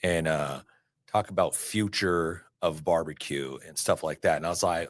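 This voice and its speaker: A deep-voiced Texan man chatting casually as a podcast co-host, lively as he acts out back-and-forth exchanges. The sound is close and dry. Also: moderate pace, no echo. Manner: animated storyteller, acts out quoted exchanges. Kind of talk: casual chat.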